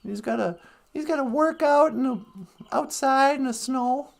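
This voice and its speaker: A woman's voice: high voice, normal speed, creaky. A woman hosting a live-stream podcast, chatting casually in a meandering way with playful asides. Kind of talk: casual rambling chat.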